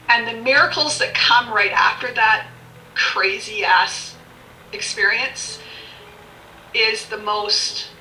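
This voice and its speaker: A woman's voice: medium pitch, pushed and bright, slight background noise. A middle-aged woman telling her own story bluntly and with animation, swearing freely and laughing often. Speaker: podcast guest. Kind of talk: candid personal storytelling. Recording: echoey room, distant mic, faint music.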